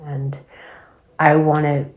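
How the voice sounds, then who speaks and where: A woman's voice: deep voice, completely flat delivery, takes it slowly. A middle-aged mother recording a fond, teasing video message for her son. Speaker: mother of the groom. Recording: roomy echo.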